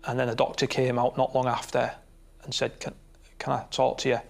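A man recounting a personal tragedy as a bereaved father, in a halting way with restarts. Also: medium pitch, completely flat delivery, vocal fry, faint music behind.

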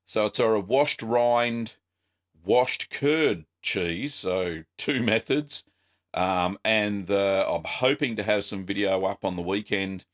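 An Australian man hosting a casual live-stream question-and-answer show, chatty and relaxed with frequent ums. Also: lowish voice, takes it slowly. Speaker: host.

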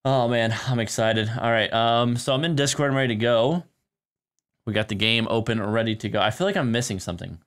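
A man's voice: medium pitch, fairly quick, a bit bright, clean tone. A young man casually commentating a live game stream, chatty and laid-back, with a tired early-morning voice. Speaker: gaming streamer.

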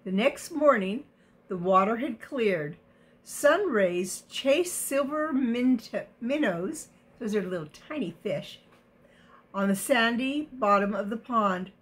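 Slow, gentle woman reading a picture book. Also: a little high, expressive. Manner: gentle, explains words and asks the listener questions. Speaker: storybook reader.

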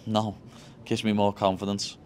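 A man's voice: lowish voice, level tone, moderate pace, darkish tone, slight background noise. A young man with a Liverpool accent, answering interview questions in a blunt, cocky way. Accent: Liverpool English. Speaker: fighter.

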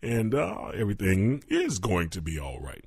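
A male call-in show host who talks calmly and haltingly, filling his pauses as he steers callers. His very deep, husky voice moves through a lively pitch range and sounds close and dry. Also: no room sound. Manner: hesitant, calm, full of uh fillers. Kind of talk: comedy call-in show hosting.

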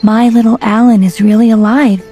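A woman's voice: mid-range voice, animated, normal speed, dark tone, soft background music, lightly acted. Woman voicing a fretful, tender mother. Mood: anxious tender. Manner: anxious, tender. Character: worried loving middle-aged mother.

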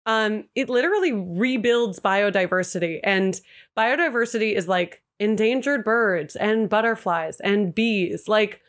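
A woman's voice: expressive, measured pace. A young woman hosts her podcast in an easy, chatty monologue. She gushes and giggles as she talks, and her voice leaps upward whenever something moves her. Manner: gushing, giggly and emotional, swoops up in pitch. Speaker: podcast host. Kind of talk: casual sponsored podcast monologue.

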